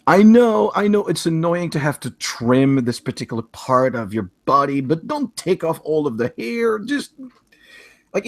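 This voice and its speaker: A man in casual group chat who talks haltingly, often stumbling and repeating words. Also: on the high side, no echo. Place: lives in northern France.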